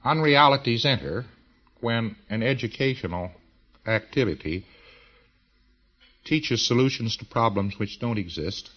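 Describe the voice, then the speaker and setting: Male lecturer, mid-pitched, folksy and emphatic, on a muffled lo-fi recording. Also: lively intonation, unhurried, long pauses, fairly bright tone. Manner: folksy and emphatic, with slang and repetition. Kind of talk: informal lecture.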